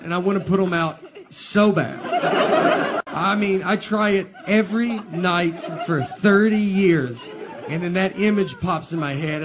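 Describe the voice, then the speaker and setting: A middle-aged man with a Southern American accent doing stand-up comedy on stage, rambling through self-deprecating stories in a deadpan way. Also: high voice. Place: stage before a laughing crowd. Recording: live audience laughter and noise.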